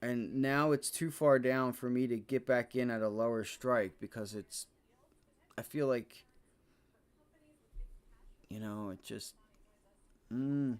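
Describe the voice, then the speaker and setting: A man streaming his live trading, frustrated and swearing heavily, with shouted outbursts and stretches of low muttering to himself. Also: steady tone, slow, pauses often, clear, resonant tone. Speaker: day trading livestreamer.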